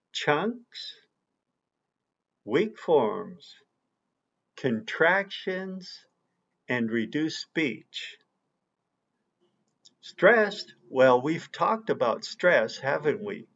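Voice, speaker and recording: A man teaching an English listening lesson, speaking slowly and deliberately and leaning hard on key words. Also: a little high, vocal fry, slightly rough, muffled recording. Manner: slow and deliberate, with emphatic stress on key words. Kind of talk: online language lesson.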